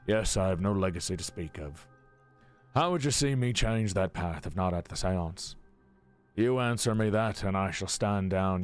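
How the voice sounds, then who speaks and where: A man's voice: low-pitched, pitched below the performer's own voice. A man putting on a proud old man in fake Irish. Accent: put-on fake Irish. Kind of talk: in-character roleplay voice.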